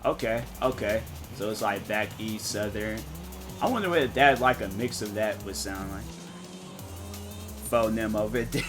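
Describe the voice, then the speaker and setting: A man's voice: fairly low pitch, moderate pace, music in the background. A man streaming a game, chatting casually with viewers and rambling as he thinks aloud, often restarting his sentences. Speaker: gaming streamer.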